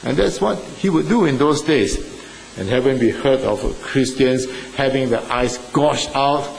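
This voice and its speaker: A male preacher from Singapore or Malaysia delivers a sermon at a mid pitch, earnest and halting, scattering fillers and raising his voice for emphasis. His voice is gravelly, and the rough recording carries a faint hiss of background noise.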